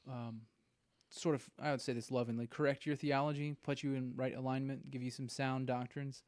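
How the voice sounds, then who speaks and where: A man with a mid-range voice hosts a podcast interview. He asks earnest, measured questions and talks things through in careful, church-flavored phrasing. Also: medium pitch, level tone, a little mellow, clear, resonant tone. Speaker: podcast host. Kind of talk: interview conversation.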